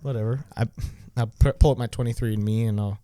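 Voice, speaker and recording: A man's voice: mid-range voice, steady tone, quick pace, warm tone, no room sound. A man co-hosting a podcast in casual chat, offhand with dry shrugging asides. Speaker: podcast co-host.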